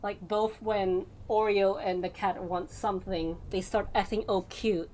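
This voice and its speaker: A woman's voice: medium pitch, fairly even intonation, measured pace, a little mellow, a little hiss or hum. Chatty woman streamer on tangents. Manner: rambling, tangent-prone, frequent laughs. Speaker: VTuber streamer. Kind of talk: casual gameplay stream chat.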